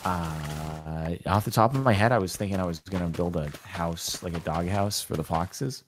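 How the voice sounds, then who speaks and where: A man's voice: sits low, normal speed, a little hiss or hum. A man streaming a game in casual chat, laid-back and dry, laughing easily.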